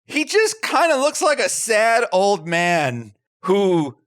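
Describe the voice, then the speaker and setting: Brief: lively, high-pitched male podcast co-host, jokey banter. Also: slow. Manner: animated, jokey, puts on silly voices. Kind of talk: casual comedy podcast banter. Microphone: remote call from a virtual room.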